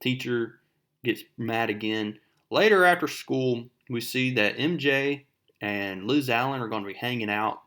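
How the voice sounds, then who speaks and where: A man's voice: medium pitch, a little slow, a bit bright. A young man hosting a comic book video, recapping the story in a chatty, loose way.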